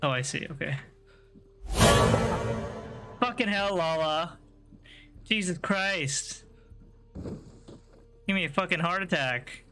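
A man's voice: on the high side, slow pace, pauses often, pushed and bright, soft background music. A man streaming a video game live, chatting casually, joking, swearing and laughing a lot as he plays. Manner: jokey, laughs often, swears, teases chat. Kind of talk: casual live gameplay commentary.

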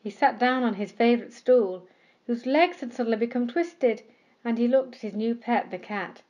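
Gentle woman reading a bedtime story. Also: fairly high pitch, dull audio. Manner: gentle, expressive, slowing for emphasis. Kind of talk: scripted bedtime story narration.

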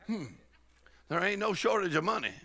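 A man preaching a charismatic sermon in church, folksy and full of shouted praise and laughter. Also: high voice, animated, moderate pace, creaky. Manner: folksy, with y'all and ain't. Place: church sanctuary with congregation.

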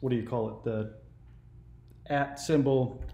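A man's voice: medium pitch, steady tone, a little slow, vocal fry, warm tone, echoey room. A man in his forties from California, hosting a casual phone conversation for his channel in an easygoing, meandering way. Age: 40s. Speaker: YouTube host.

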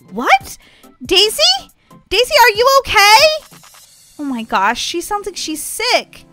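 A woman's voice: very high-pitched, huge pitch swings, takes it slowly, long pauses, pushed and bright, faint music behind. A woman playing the mom in a family role-play game, patient and mildly scolding. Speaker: role-player voicing the mom.

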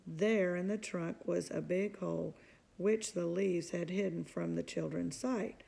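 A woman reading a children's book aloud in a calm, even narrating voice. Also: fairly low pitch, measured pace, vocal fry, husky. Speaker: storybook reader.

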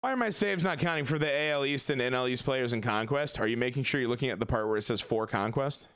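Fast and a bit bright, this man's mid-range voice comes with a little hiss or hum in the recording. He's chatting loosely with his viewers during a game stream, cursing and cracking jokes as he rambles.

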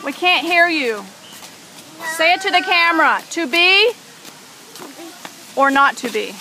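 A woman's voice: extremely high pitch, expressive, measured pace, bright, forceful tone, a little hiss or hum, low-quality recording. A mother filming her small son in an outdoor garden, coaxing and teasing him in a playful way. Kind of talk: casual home video chat. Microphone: handheld camera mic.

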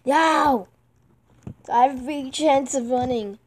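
Excitable gamer woman pleading at the screen. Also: sits high, slow pace, background noise. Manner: yelps and pleads at the game, repeats herself. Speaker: gamer playing online with friends. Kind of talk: excitable let's-play commentary.

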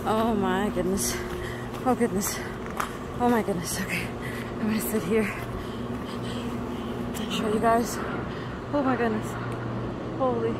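A fairly high-voiced woman talks to her handheld camera as she climbs a mountain trail outdoors. She is worn out and short of breath, and keeps letting out nervous, breathy exclamations. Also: heavy background noise. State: tired and out of breath. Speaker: vlogger. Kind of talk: casual vlog narration while hiking.

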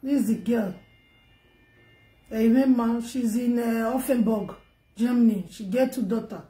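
High-voiced Nigerian Pidgin woman vlogger. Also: unhurried, echoey room. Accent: Nigerian Pidgin English. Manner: animated storytelling in Pidgin, rising and loud when upset. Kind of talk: emotional gossip vlog. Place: home in Germany.

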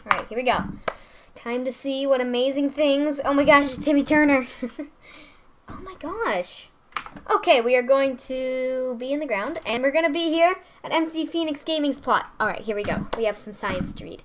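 Young woman, let's play commentary, bubbly and gushing, fairly high voice, faint keyboard clicks behind. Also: normal speed, slight background noise. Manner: excitable, gushing, squeals and giggles. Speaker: gaming channel host.

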